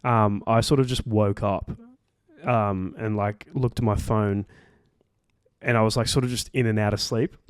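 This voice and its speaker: A man's voice: fairly low pitch, steady tone, unhurried, smooth, no room sound. A young Australian man co-hosting a podcast, telling a story in a rambling, casual way, swearing freely and filling gaps with "like" and "um". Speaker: podcast co-host.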